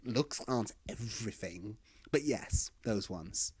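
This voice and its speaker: A man's voice: lowish voice, lively intonation, a little slow, darkish tone, slightly rough. A man voicing a whiny, insecure king who pouts and pleads in a raised voice. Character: whiny insecure male king, petty, pouting.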